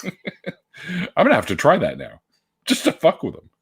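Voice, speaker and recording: A Canadian man hosts a casual video chat, telling profane, jokey stories and acting out the other voices. His voice is a little high with huge pitch swings, normal speed, and a breathy edge.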